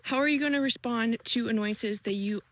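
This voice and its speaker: A woman talking to her viewers while fast walking outdoors on a wooded trail, out of breath, chatty and reflective. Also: on the high side, rough recording. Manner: chatty, reflective, laughs easily. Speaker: vlogger. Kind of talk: walking vlog musing.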